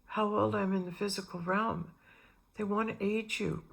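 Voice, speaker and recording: A woman's voice: medium pitch, normal speed, gravelly. A middle-aged woman vlogging about spiritual matters, telling meandering personal stories and acting out the voices of the people in them. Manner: meandering, animated re-enactments with quoted voices. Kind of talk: rambling personal storytelling.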